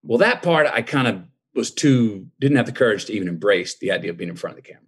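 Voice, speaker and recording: Husky man telling a folksy story. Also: lowish voice, lively intonation, fast talker. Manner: folksy, reflective, acts out quoted dialogue. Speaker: guest. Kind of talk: conversational storytelling.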